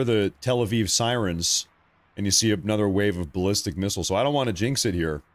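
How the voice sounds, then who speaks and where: A man's voice: on the low side, fairly quick, dry recording. A man in his thirties hosting a live stream, chatting casually and rambling, often repeating himself.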